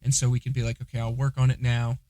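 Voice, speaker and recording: A man's voice: medium pitch, little pitch movement, fast talker, mellow, no room sound. A young man co-hosting a podcast, chatting casually in a joking, self-deprecating way. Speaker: podcast co-host. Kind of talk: casual chat.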